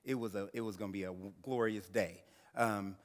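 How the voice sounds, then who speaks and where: A man in his thirties, an attorney and guest speaker, telling his personal story at an event with earnest, slow, emphatic phrasing. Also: lowish voice, fairly even intonation. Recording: reverberant hall.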